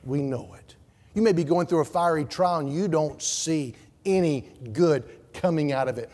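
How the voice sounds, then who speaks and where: Male pastor, high-pitched, fervent sermon delivery with hushed asides, long church reverb. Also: moderate pace. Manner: preaching with swells to loud fervor and drops to soft, hushed pleading. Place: church sanctuary.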